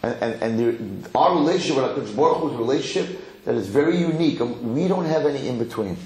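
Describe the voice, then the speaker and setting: A man giving a lively Torah lecture as a rabbi, emphatic and given to repeating words as he builds to a story. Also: medium pitch, quick pace, few pauses, a crowd in the background. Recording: roomy hall with faint noise.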